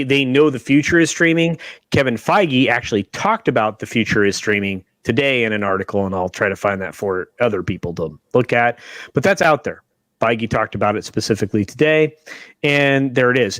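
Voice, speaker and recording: Heard via webcam on a video call with no room sound, this livestream host has a mid-range, slightly bright voice. He keeps the chat casual but speaks forcefully, frequently starting over and slipping in insistent asides.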